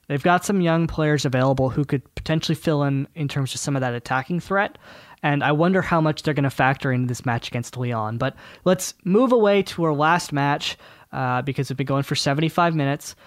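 A man co-hosting a sports podcast, chatting casually and thinking aloud with fillers and quick asides. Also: a little high, dry recording, clean studio sound. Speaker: podcast co-host.

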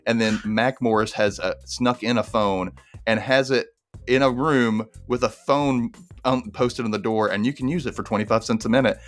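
A man co-hosting a podcast, casually reviewing a TV show as a lively storyteller. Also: mid-range voice, moderate pace. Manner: lively storyteller, acts out quoted lines.

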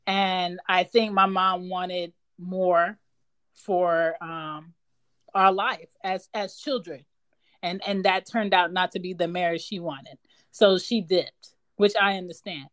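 A woman's voice: fairly low pitch, fairly even intonation, slow pace, no echo. A woman in her thirties from Philadelphia, talking candidly and bluntly about family in a casual chat, swearing now and then. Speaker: mother of daughters.

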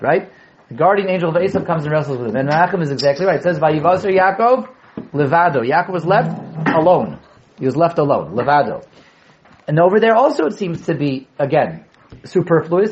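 A man teaching a Torah class, repeating key words, asking his students questions and joking with them. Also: a little high. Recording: dull lo-fi classroom recording.

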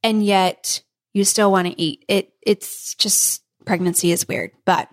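A pregnant woman chatting on a podcast at a middle pitch, animated and laughing often. She acts out the voices of the people in her story as she tells it. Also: a little slow. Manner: animated, laughing often, acting out family members' lines. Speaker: podcast co-host. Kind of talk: casual storytelling chat.

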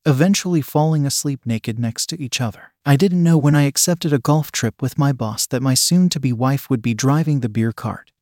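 A man giving steady, intimate first-person narration of a romantic story. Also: mid-range voice, normal speed, hardly any pauses, dry recording, clean studio sound.

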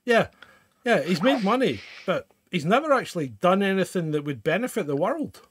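A man's voice: high-pitched, sing-song, normal speed, a crowd in the background. A man co-hosting a live chat show, talking emphatically and swearing, ranting with rhetorical questions. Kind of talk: casual banter, live stream.

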